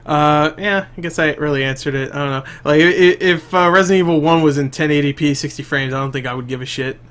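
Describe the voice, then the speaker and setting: A man's voice: on the high side, fast, a bit bright, smooth. A young man hosting a casual gaming podcast, talking loosely with lots of swearing and laughter, often trailing off. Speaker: podcast host.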